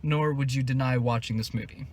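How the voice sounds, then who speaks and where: A man's voice: medium pitch, fairly even intonation, a little fast, heavy background noise. A young man hosting a casual movie review chat, laughing often and swearing freely.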